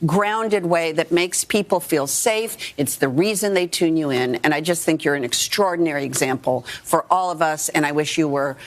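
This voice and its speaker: Low-voiced woman, frank and earnest. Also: normal speed, hardly any pauses. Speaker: actress guest. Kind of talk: morning TV interview. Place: TV studio.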